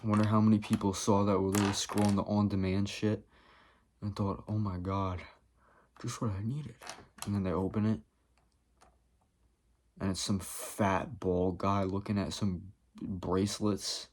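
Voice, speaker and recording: A man's voice: on the low side, level tone, normal speed, darkish tone, a little hiss or hum. A man vlogging in a rambling comedic monologue, profane and jumping from topic to topic.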